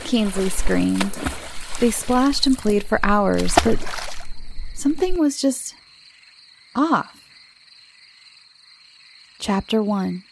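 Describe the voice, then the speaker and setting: A woman's voice: medium pitch, slow pace, gravelly, long pauses, a little mellow, a little hiss or hum. A woman reading a child's written story aloud with dramatic expression.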